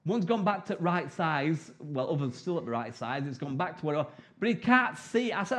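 A man's voice: on the high side, animated, a little fast, few pauses, fairly bright tone. A middle-aged man preaching a sermon in a chatty, humorous way, acting out prayers and replies.

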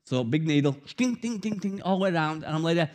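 A middle-aged man, preaching a sermon and telling a personal story in an animated, conversational way. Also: fairly high pitch, fairly quick.

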